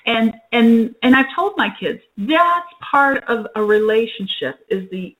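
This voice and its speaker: A woman sharing stories from family life with a bright, forward tone. She tells them in an animated way and acts out the lines people said. The talk stays casual and conversational. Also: fairly high pitch, measured pace, few pauses, low-quality recording. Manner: animated storyteller, acts out quotes.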